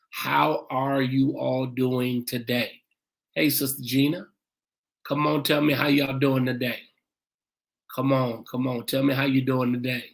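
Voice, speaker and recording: A pastor hosting a church livestream, greeting viewers by name and repeating "come on in" in a casual, welcoming way. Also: male voice, medium pitch, a bit bright.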